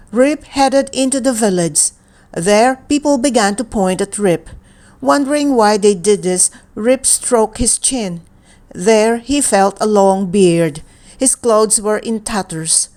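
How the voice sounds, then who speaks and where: Slow, calm woman reading a bedtime story. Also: fairly high pitch. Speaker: children's book reader. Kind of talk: bedtime story read-aloud.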